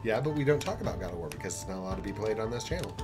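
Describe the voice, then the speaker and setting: A man hosting a casual gaming video and calling out loud, excited reactions as he plays with his family. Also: lowish voice, rapid-fire. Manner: excitable, shouts reactions to the game. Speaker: gaming channel host. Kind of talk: casual gameplay commentary. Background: game music.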